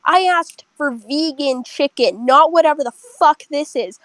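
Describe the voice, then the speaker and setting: A woman acting out a rude, furious woman customer who berates restaurant staff in a shrill, insulting voice. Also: measured pace, fairly bright tone, no echo, low-quality recording. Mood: berating.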